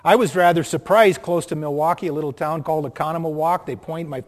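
A high-voiced man with a Minnesota accent delivers an earnest sermon, his voice rising to strong emphasis. His voice rings with a long reverb through a church hall. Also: quick pace. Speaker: pastor.

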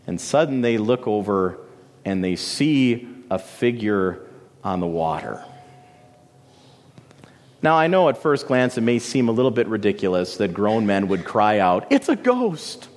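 A man preaching a sermon, telling a story dramatically, his voice soaring high and then dropping to a hush. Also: normal speed, long reverb tail. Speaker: pastor.

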